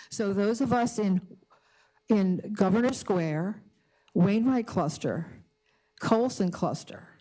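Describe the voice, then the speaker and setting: An older woman giving an emotional, indignant public comment at a community board meeting, halting and restarting as she speaks. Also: medium pitch, a little mellow.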